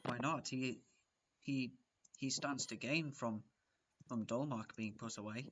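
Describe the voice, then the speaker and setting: A man's voice: medium pitch, measured pace, a bit bright. A man playing a tabletop game, questioning the game master in a skeptical manner. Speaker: player. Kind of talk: in-character tabletop play.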